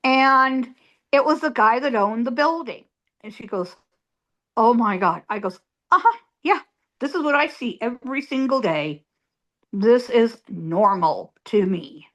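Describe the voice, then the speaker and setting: A woman's voice: fairly high pitch, animated, a little slow, fairly bright tone. A middle-aged woman, a psychic medium, telling a story as an interview guest in an emphatic way, repeating words for effect.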